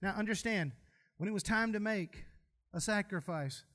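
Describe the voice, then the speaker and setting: A man delivers a sermon in a church. His voice sits high and bright. He jokes and tells homespun stories between verses. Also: normal speed. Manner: folksy, humorous storytelling preacher. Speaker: pastor.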